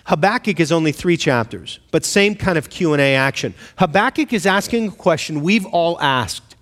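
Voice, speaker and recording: A pastor with a higher, fairly bright, expressive voice preaches at normal speed, and a long reverb tail trails his words. His sermon is conversational: he poses questions to the congregation and voices the people he quotes.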